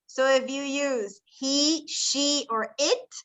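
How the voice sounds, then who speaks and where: Slow, bright-voiced bilingual teacher woman. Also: high voice. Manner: patient, explains step by step and quizzes students; switches between English and Spanish. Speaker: ESL teacher. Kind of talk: bilingual classroom lesson.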